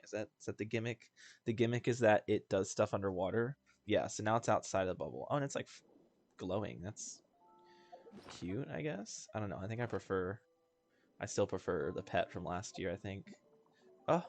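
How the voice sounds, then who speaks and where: A man's voice: lowish voice, a little mellow, a little hiss or hum. A man casually chatting and rambling while playing a game, laughing often and joking about himself. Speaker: gaming video host. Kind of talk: casual let's-play commentary. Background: faint game music.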